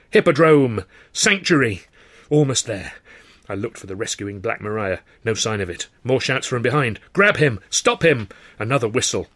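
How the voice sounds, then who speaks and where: A male author reading his novel aloud in audiobook narration. His telling is brisk and wry, with a mid-pitched voice. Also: a bit bright.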